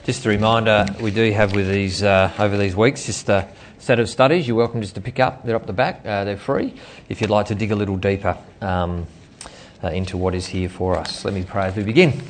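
A man's voice: fairly low pitch, steady tone, a little fast, a little hiss or hum. A middle-aged man preaching a sermon in a church, telling a personal story with many fillers and restarts. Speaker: pastor.

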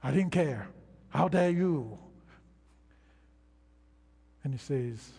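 An older man preaching a sermon, slow and emphatic, with long pauses between phrases. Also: a little high, animated, vocal fry, warm tone, husky. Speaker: pastor. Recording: long reverb of a large hall.

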